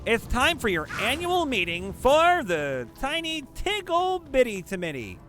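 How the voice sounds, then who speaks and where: Crude, lively man streaming a game. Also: very high voice, unhurried. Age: adult, not young. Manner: crude, profane, joking rants. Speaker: streamer and voice actor playing a game. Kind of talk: casual live-stream chat. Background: game music.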